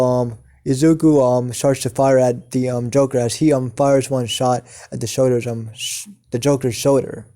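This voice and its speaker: A man improvising a fan story as narrator, halting with many ums and restarts. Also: medium pitch, dark tone.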